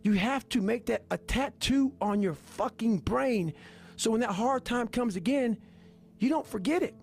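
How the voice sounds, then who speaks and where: A man's voice: very high voice, animated, a little slow, vocal fry, darkish tone, slightly rough. A man giving a motivational talk, intense and profane, hammering his points with repetition. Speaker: motivational speaker. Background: faint music.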